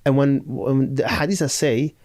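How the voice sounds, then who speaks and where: A man's voice: mid-range voice, a little slow, a little mellow, dry recording. A man who is an Islamic scholar, explaining duties in a podcast with Arabic terms. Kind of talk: religious podcast discussion.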